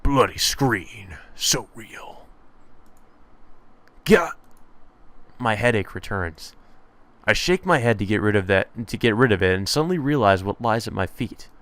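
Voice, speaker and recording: A man's voice: fairly low pitch, animated, fairly quick, a bit bright, no echo. A man hosting a let's play, reading a visual novel aloud with sarcastic, profane asides.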